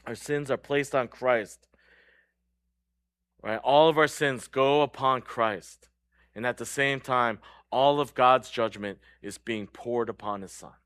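Male pastor preaching a sermon, slow and earnest, ringing forceful tone, dry close sound. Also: clear, resonant tone, dry recording. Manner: earnest, swings between loud stress and hushed low lines; checks in with the crowd by asking "right?".

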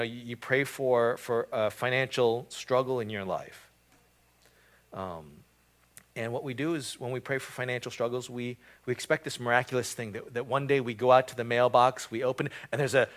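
A man's voice: mid-range voice, fairly even intonation, a little fast, a bit bright. A man preaching a casual sermon, with frequent fillers and repeated words. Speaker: pastor. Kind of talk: conversational sermon.

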